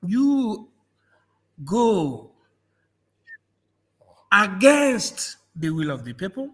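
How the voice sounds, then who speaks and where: A man's voice: sits high, big pitch swings, very slow. A man from Nigeria in a political discussion, mocking and repeating phrases, laughing often. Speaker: panel guest.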